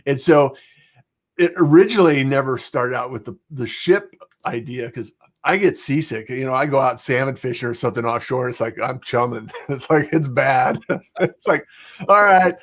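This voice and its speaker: A man's voice: medium pitch, moderate pace, a bit bright. A middle-aged man hosting a podcast, chatting casually and rambling with frequent fillers. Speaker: podcast host. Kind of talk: casual interview chat.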